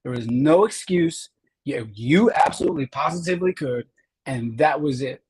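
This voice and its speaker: A man's voice: mid-range voice, animated, normal speed, a little mellow, slightly rough, poor audio. A man from Chicago, a state representative, telling his life story earnestly in an interview. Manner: earnest storyteller, acts out quoted teachers. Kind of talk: interview conversation.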